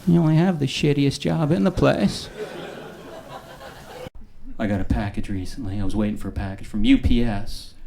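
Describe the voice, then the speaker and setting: A man performing a deadpan stand-up comedy set in a club. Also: medium pitch, normal speed, vocal fry, long pauses. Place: comedy club with a live audience. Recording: live stand-up recording with a laughing crowd.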